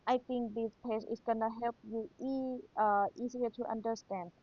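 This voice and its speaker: A woman's voice: fairly high pitch, fairly even intonation, normal speed, darkish tone. A woman teacher with a Thai accent, patiently reviewing material for an exam and repeating key points. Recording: dull lo-fi sound.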